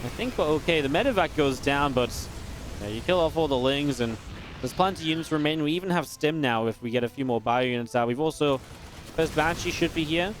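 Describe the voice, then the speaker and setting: Excitable man casting a strategy game. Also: fairly high pitch, noisy background. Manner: quick, excitable play-by-play with filler restarts. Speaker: esports caster. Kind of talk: live game commentary.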